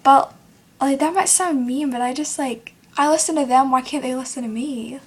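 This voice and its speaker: High-voiced teen girl ranting rambly. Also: moderate pace. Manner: rambling, filler-heavy, acts out quoted people. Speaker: vlogger. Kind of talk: casual rant to camera. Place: at home, seated in a chair. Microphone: self-recorded camera.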